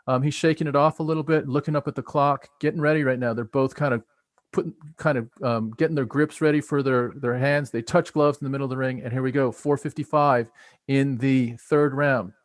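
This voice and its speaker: A man's voice: medium pitch, fairly quick, no room sound, clean studio sound. Casual American man calling a fight. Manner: casual, excited play-by-play with filler words. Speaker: stream co-host. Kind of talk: live fight commentary.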